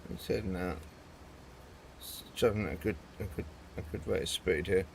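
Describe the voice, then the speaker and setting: A man narrates his gameplay in a loose, chatty ramble, talking straight to his viewers. His voice sits low and carries plenty of gravelly fry. A faint hiss stays under the recording. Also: moderate pace. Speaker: gaming video host. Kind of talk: casual gameplay commentary.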